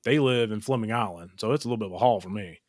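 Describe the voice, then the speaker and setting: A man's voice: fairly low pitch, racing, darkish tone, no room sound, clean studio sound. A man hosting a podcast, telling a story in casual chat with blunt, profane language and lots of fillers. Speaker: podcast host. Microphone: podcast microphone.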